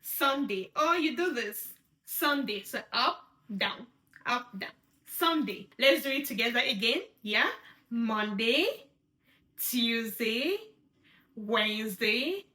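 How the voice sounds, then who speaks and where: Female sign language teacher, high bright voice, patient and repetitive, checks in often. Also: animated, slow pace. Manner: patient, repeats each sign word, checks in with "right?". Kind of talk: step-by-step instruction.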